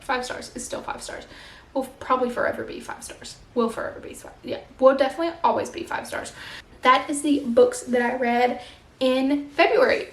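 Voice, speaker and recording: A woman's voice: on the high side, echoey room. A young woman vlogging a casual monthly book wrap-up, chatty and gushing, with lots of fillers.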